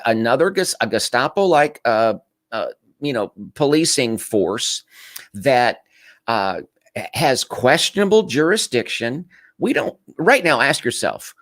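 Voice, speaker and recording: A man's voice: mid-range voice, no room sound. A man giving casual, emphatic political commentary, often restarting his sentences and repeating his points. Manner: emphatic, repetitive, frequent restarts.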